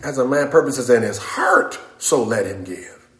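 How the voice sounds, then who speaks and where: A middle-aged man preaching a sermon as pastor, emphatic and calling out amens, rising at times to shouts. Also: medium pitch, expressive, a little slow. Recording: echoey room.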